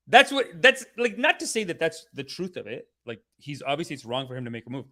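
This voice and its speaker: Young man, casual rambling review, swears a lot, mimics people, fairly high voice. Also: fairly quick, hardly any pauses. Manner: animated and profane, acting out others in mock voices. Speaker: show host reviewing a documentary series.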